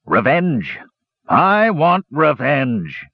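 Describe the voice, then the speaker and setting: A man's voice: on the high side, huge pitch swings, drawn-out words, creaky, husky, dry recording, heavily acted. A man voicing a huge, vengeful male soldier who growls and barks his words in a storybook reading. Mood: raging. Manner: growling, barking, furious. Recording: dull lo-fi recording.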